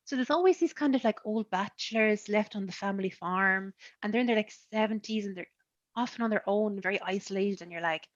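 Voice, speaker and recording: A woman from Ireland with an Irish accent, an author chatting in a casual interview, joking with quick asides. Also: medium pitch, no room sound, dull audio. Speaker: author guest. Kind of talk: casual video-call interview.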